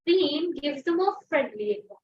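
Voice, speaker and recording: A teenage girl reciting a Shakespeare monologue dramatically, shifting between loud and hushed voices. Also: high-pitched, expressive, moderate pace. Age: teen. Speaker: student monologue performer. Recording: echoey, dull lo-fi, far from the mic.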